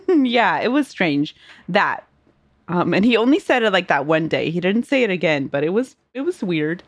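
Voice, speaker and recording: Chatty woman, fairly low voice. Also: big pitch swings, moderate pace, no echo, clean studio sound. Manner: rambling storytelling with many fillers and laughs. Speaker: podcast host. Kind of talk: casual podcast chat.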